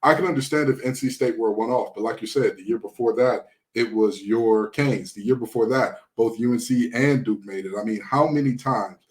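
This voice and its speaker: Sarcastic animated man hosting sports talk. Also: mid-range voice, brisk. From Detroit. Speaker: sports podcast host.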